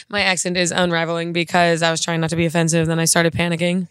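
A young woman hosting a comedy podcast, chatting casually and jokily, quick to laugh and to slip into silly voices. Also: lowish voice, monotone, smooth, no room sound, studio quality. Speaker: podcast host.

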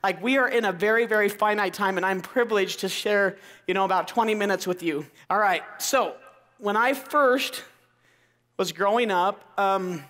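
Long reverb from a large auditorium surrounds this upbeat man from Idaho, a motivational speaker delivering an energetic keynote. His high, somewhat bright voice runs at normal speed as he enthusiastically engages the crowd, firing questions at the audience to rally them.

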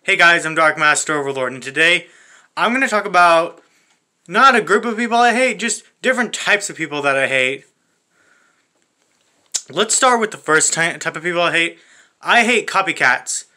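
A man's voice: a little high, animated, moderate pace, long pauses, pushed and bright. A man hosting a comedic video, ranting crudely with constant swearing and frequent restarts. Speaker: comedy channel host. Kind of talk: profane comedic rant.

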